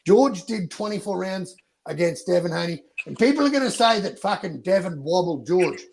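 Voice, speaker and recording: A man's voice: high voice, animated, moderate pace, gravelly, darkish tone, rough recording. An Australian man, a boxing YouTuber, arguing passionately in casual debate and swearing a lot.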